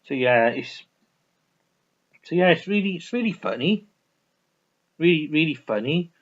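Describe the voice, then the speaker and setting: A man's voice: on the high side, animated, a little slow. A man rambling through a casual film review, restarting sentences and swearing freely. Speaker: vlogger reviewing films. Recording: dull lo-fi recording.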